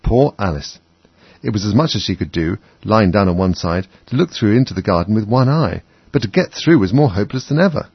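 A man's voice: fairly low pitch, animated, a little fast, husky, no echo. A man narrating a children's storybook expressively as an audiobook, on a dull, dry recording.

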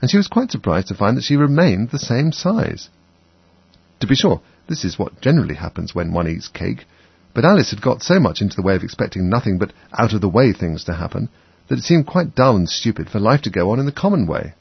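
A man's voice: fairly low pitch, very animated, brisk, creaky, slightly rough, no echo. A man narrating a children's storybook expressively as an audiobook, on a dull, dry recording.

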